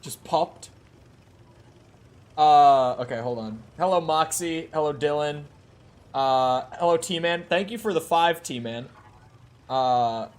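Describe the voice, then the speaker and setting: A man's voice: fairly high pitch, slow, pauses often, smooth. A man streaming a video game, casually reading chat aloud and reacting to the gameplay in a laid-back way.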